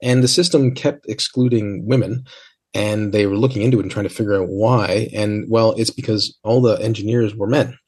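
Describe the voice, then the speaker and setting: A man with a Canadian accent, a podcast guest explaining things in a measured way. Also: lowish voice, fairly even intonation, a little mellow, breathy edge. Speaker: guest author. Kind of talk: conversational podcast interview.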